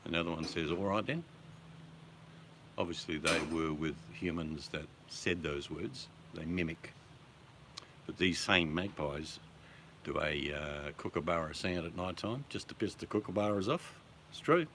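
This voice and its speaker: Talking at normal speed, this very low-voiced Australian keeps things loose and chatty with his audience, dropping swear words casually. A faint background hiss runs beneath him.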